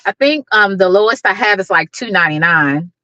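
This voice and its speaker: A woman's voice: medium pitch, animated, brisk, sharp tone, no room sound, muffled recording. A middle-aged woman hosting a casual livestream, greeting viewers by name and talking with lots of fillers. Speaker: YouTube livestream host.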